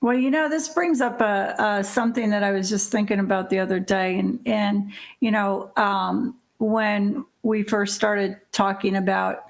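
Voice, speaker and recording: Slow, hesitant woman co-host. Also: medium pitch, steady tone, creaky. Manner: hesitant, many fillers and restarts. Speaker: podcast co-host. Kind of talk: casual chat.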